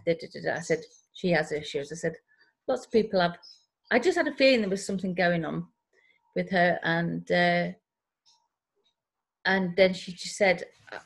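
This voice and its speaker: Lady telling a long rambling story on a video call, kinda low voice. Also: creaky, breathy edge. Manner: rambling storyteller who acts out quoted voices. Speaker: group member sharing a story. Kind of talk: casual chat.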